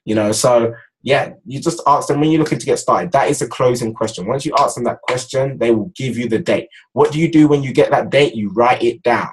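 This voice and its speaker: Husky man coaching sales. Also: mid-range voice, brisk, low-quality recording. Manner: energetic, repetitive, speaks straight to viewers as "guys". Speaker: network marketing trainer. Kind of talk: casual motivational training talk.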